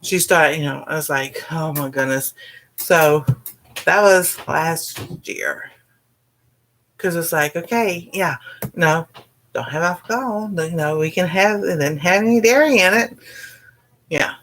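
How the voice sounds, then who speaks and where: A woman with a Southern US accent hosts a cooking channel in an easygoing livestream chat. Her voice sits a little low and she talks unhurriedly. She drifts from point to point in a folksy way, saying "y'all" and laughing often. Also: a little slow, pauses often, fairly bright tone, slight background noise.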